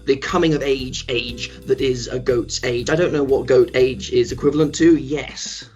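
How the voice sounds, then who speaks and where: A man's voice: medium pitch, fairly even intonation, moderate pace, darkish tone, faint music behind. A man telling an improvised comic story in a rambling way, with lots of fillers, on slightly dull lo-fi stream audio. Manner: rambling, with filler and self-corrections. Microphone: home computer mic on a livestream.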